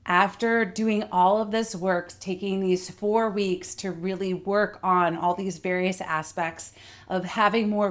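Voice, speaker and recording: A middle-aged woman voice coach giving a clear, articulate instructional lesson that demonstrates vocal techniques. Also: medium pitch.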